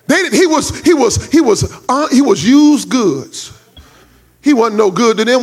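A male pastor preaching a sermon, shouting and half-singing his lines in a rising cadence, talking in casual vernacular. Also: very high-pitched, expressive, measured pace, breathy edge. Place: church.

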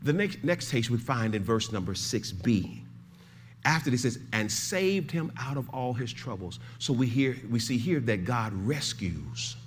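An older man preaching a sermon as pastor, swinging from shouted pleading to hushed, low emphasis. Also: expressive, a little slow, a little hiss or hum.

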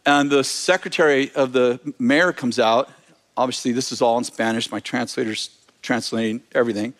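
Animated storytelling preacher, man. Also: medium pitch, normal speed. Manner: animated, self-correcting anecdote telling. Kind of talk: storytelling sermon.

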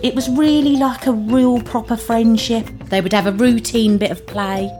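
A woman's voice: a little high, fairly even intonation, moderate pace. A British mother telling her own story in a plain-spoken, earnest and emotional way. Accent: British English. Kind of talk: first-person storytelling. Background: music underneath.

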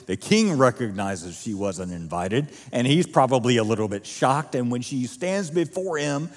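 A man's voice: mid-range voice, in a large hall. A male pastor preaching a sermon, retelling a story vividly with casual asides to the congregation. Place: church auditorium.

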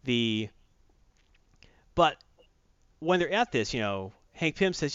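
A man hosting a comic book podcast, recapping an issue in a rambling, animated way with casual asides. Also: medium pitch, takes it slowly, pauses often, clean tone, no echo. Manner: rambling, animated storyteller who acts out quotes. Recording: dull lo-fi dry recording.

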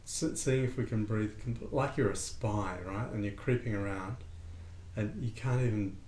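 A man leads a relaxed breathing lesson, calm and conversational. His voice sits low. The room has a noticeable echo and a faint background hum. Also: moderate pace. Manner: calm, conversational, acts out little dialogues. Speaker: breathing and meditation teacher. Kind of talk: relaxed spoken lesson with a student. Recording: echoey room with faint ambient noise.

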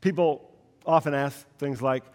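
A man preaching a sermon as pastor, slow and emphatic with dramatic pauses. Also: on the high side, fairly even intonation, a little mellow, big-room sound.

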